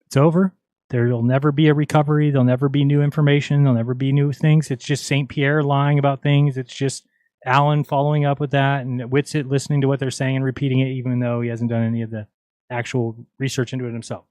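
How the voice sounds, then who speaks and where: A man's voice: mid-range voice, little pitch movement, quick pace, darkish tone, dry recording. A man hosting a livestream, talking casually in an exasperated, mocking, argumentative way. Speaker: livestream host. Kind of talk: casual ranting livestream talk.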